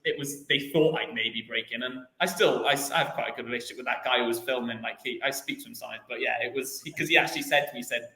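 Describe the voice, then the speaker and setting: A man's voice: mid-range voice, quick pace, creaky, few pauses, bright, forceful tone, echoey room, low-quality recording. A young man, a footballer guest, telling stories in a casual chatty interview, rambling with lots of restarts and fillers.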